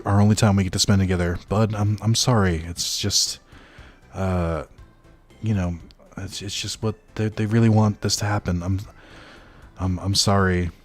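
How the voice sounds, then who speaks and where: Brief: man improvising as a guilt-ridden divorced dad, stammering and apologetic, lowish voice, soft music under. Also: close to an everyday voice. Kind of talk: improvised comic role-play.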